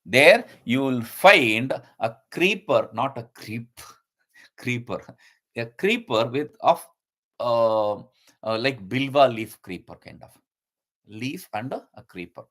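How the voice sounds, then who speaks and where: A man's voice: mid-range voice, lively intonation, slow, a bit bright. A man teaching a lesson and commenting on a scripture verse by verse, explaining at length with frequent fillers and repeated key terms.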